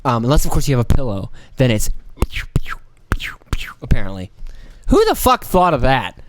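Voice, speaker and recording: A man's voice: mid-range voice, wildly swooping pitch, normal speed, background noise. A man hosting a casual solo podcast, rambling and joking with plenty of profanity and playful mock voices. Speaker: podcast host.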